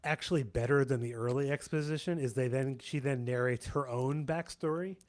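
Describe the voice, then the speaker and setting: Hesitant man hosting a film podcast. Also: medium pitch. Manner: halting, restarts and hedges. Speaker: podcast host and editor. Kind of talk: casual film discussion.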